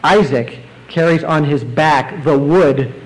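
A man preaching a sermon, explaining scripture verse by verse and rising now and then to emphatic, excited bursts. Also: a little high, slow, poor audio. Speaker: pastor.

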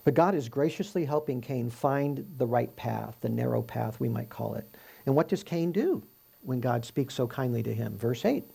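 Man, Bible teacher, gravelly voice, husky tone, relaxed conversational teaching, rhetorical questions. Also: mid-range voice, moderate pace. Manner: explains scripture verse by verse, asking rhetorical questions.

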